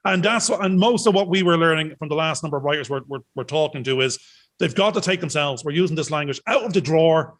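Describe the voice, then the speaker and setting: A man's voice: on the high side, animated, quick pace. An Irish man with a slight lisp, hosting a casual chat, joking and rambling with repeated words. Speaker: podcast host.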